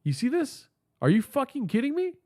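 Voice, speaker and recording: A man's voice: extremely high pitch, huge pitch swings, fairly quick, darkish tone. Profane, rambling man on a livestream. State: stuffy nose. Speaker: podcast host. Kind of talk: casual livestream storytelling. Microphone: phone held in hand.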